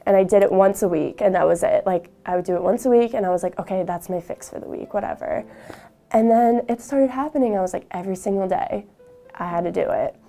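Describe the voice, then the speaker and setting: Young woman with a gravelly voice. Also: mid-range voice, dark tone, faint music behind. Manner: halting, frequent fillers and restarts. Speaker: university student sharing her story. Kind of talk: personal testimony interview.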